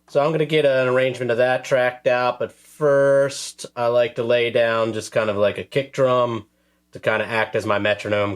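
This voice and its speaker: A man casually explaining how he arranges a track on a music sampler, relaxed and full of fillers like "um" and "uh". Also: medium pitch. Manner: relaxed, filler-heavy, self-deprecating. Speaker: music producer demonstrating a track. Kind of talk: casual tutorial talk.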